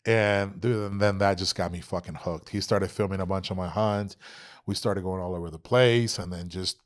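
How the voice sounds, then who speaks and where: A man's voice: low voice, moderate pace. A man in his thirties from Texas, a podcast guest telling stories in casual talk, swearing a lot and acting out what people said. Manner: animated, heavy swearing, acts out quoted exchanges. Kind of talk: casual interview storytelling.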